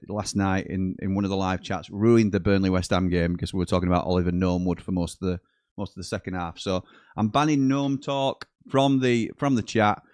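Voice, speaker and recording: Heard in studio quality with no echo, a man with a lowish voice runs a live football watchalong. Between commentary he chats and reads out live chat messages, and he gets worked up when a goal is scored.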